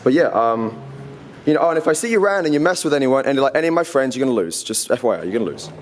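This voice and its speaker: A young man getting hoarse, ranting in a confrontational, rambling way, with many restarts and repeated words. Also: mid-range voice, sing-song, very fast, a little hiss or hum. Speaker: vlogger ranting. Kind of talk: heated off-the-cuff rant. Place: indoor university space.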